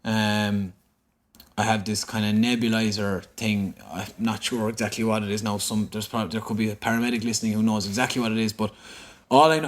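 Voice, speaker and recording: Halting Irish man from Cork. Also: fairly low pitch. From Ireland. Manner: open, halting, repeats himself with many fillers. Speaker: podcast guest. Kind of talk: candid storytelling. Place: indoor room in San Francisco.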